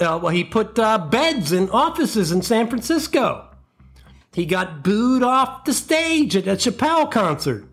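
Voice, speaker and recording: A man hosting a comedy podcast, ranting in an animated, profane, mock-outraged monologue into a close mic. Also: high-pitched.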